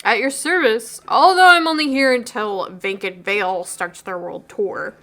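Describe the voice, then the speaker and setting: A woman's voice: fairly high pitch, measured pace, fairly bright tone. A woman voicing a laid-back young male skater barista with a drawling, theatrical voice. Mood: showy.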